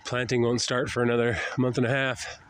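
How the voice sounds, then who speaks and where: An older man with a head cold and a nasal voice, rambling in a casual walking vlog outdoors, often sighing and clearing his throat. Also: medium pitch, flat delivery, a little fast, a little hiss or hum. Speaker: traveling vlogger. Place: outdoors, walking along roads and a river valley.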